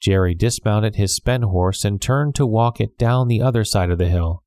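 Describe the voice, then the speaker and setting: A man reading a classic novel aloud as scripted storybook narration, measured and clear. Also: fairly low pitch, mellow, no echo, clean studio sound. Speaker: audiobook narrator.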